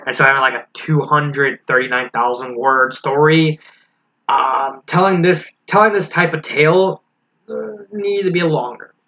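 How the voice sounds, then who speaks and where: A man's voice: fairly high pitch, unhurried, bright, forceful tone. A man giving a casual spoken review of a fan story, frank and critical, thinking aloud as he goes. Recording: slightly dull lo-fi recording with faint hiss.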